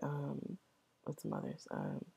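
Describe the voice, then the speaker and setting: Low-voiced woman rambling, slow and dark. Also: wildly swooping pitch, creaky, slightly rough. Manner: rambling, repeats words, many "right?" checks. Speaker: vlogger explaining language. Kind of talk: casual explanatory talk.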